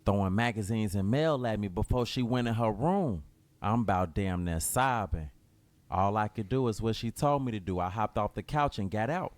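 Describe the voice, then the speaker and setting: A man's voice: on the low side, normal speed, no room sound. A young man narrating a personal storytime in slangy, laid-back speech.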